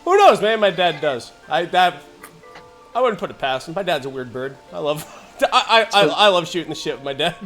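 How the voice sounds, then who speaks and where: A young man streaming live, telling funny family stories in casual chat. He is animated, laughs a lot and swears freely. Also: a little high, brisk, faint music behind. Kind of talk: casual storytelling while gaming.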